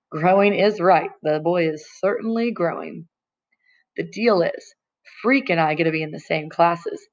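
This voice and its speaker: Lady reading a chapter book out loud, chatty narration, lowish voice, dull lo-fi sound. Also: measured pace. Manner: plain conversational narration. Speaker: audiobook reader. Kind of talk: first-person novel reading.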